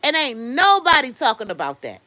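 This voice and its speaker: A woman in her fifties hosting a livestream, giving blunt, animated commentary, swearing freely and answering viewer comments. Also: high voice, fairly quick, no echo. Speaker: livestream host. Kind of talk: casual commentary.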